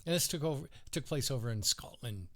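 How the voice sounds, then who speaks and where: A man's voice: mid-range voice, expressive, brisk, a bit bright. A man co-hosting a podcast, chatting casually and reading odd news stories aloud in a laid-back way, chuckling often. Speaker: podcast co-host.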